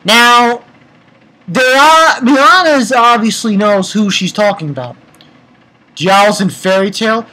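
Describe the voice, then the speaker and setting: A man giving a casual, excitable manga chapter review, retelling scenes and breaking into profane rants. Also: high-pitched, normal speed, low-quality recording.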